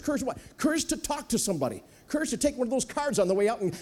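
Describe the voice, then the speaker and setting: A man preaching a sermon as a guest speaker in a church, animated and humorous, acting out little voices as he goes. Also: very high-pitched, rapid-fire, few pauses. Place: church sanctuary.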